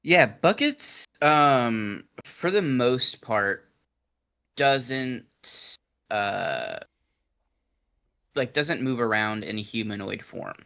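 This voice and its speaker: A man's voice: medium pitch, very animated, drawn-out words, gravelly, long pauses, pushed and bright. A man playing a tabletop game, explaining his character in a thoughtful, hesitant way. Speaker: player.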